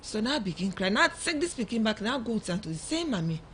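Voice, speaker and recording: In a radio studio, a Krio-accented Sierra Leonean woman, the mother of a young girl, recounts her experience very fast in a fairly high voice. She performs the quoted dialogue with animation as she tells her emotional story, over slight background noise.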